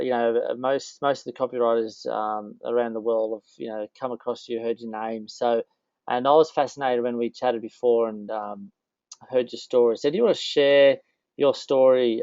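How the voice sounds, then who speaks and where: A man's voice: mid-range voice, steady tone, moderate pace, a little mellow, no room sound. Australian male host, enthusiastic and chatty, dry muffled call audio. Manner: enthusiastic, many fillers, laughs often. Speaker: interview host. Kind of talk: casual interview chat.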